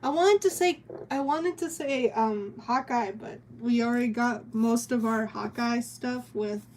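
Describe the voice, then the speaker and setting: A woman's voice: on the high side, a little slow, a little mellow, slight background noise. A young woman streaming as she draws, chatting casually with a giggly, rambling manner. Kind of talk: casual chat while drawing on stream.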